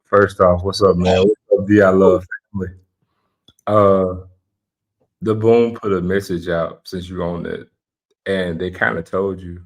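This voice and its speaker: A man, a band member guesting on a live chat, who speaks in a measured way with hesitant fillers. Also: low voice, fairly even intonation.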